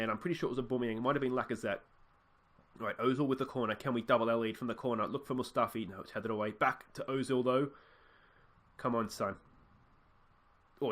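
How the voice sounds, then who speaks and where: A young man hosting a casual let's play, chatting through a football management game and cheering at the action. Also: mid-range voice. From Australia. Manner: chatty, excitable, cheers at goals. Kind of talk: casual gameplay commentary.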